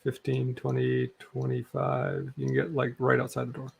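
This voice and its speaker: Male game master, gravelly, laid-back, halting delivery. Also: medium pitch, big pitch swings, darkish tone, slight background noise. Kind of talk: narrating a tabletop game.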